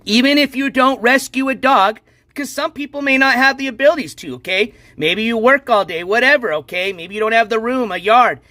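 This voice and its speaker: A man with a high voice hosts a live stream, chatting casually and reacting with mild exasperation. His tone is bright and crisp, and the sound is dry and close. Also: brisk, no echo. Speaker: stream host.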